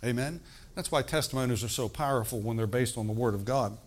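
A man's voice: mid-range voice, quick pace. An older man, a pastor, teaching a sermon in an easygoing, talky way and often checking in with the congregation. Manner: conversational preaching with frequent call-and-response asides.

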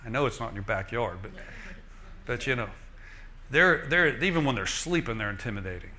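A man preaching a sermon in a lively, folksy way, joking and asking the crowd "Amen?". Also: medium pitch, a little fast.

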